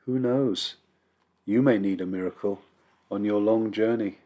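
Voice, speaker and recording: A man's voice: on the low side, unhurried, dark tone. A man voicing a loving mother sending her son away, tender and holding back tears.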